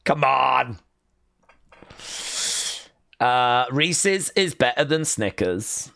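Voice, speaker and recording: Gravelly, bright-voiced man hosting a live stream. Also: medium pitch, extremely slow, dry recording. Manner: excitable, bursts into shouting and cheering. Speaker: live-stream host reacting to wrestling. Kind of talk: live watch-along reaction, reading chat.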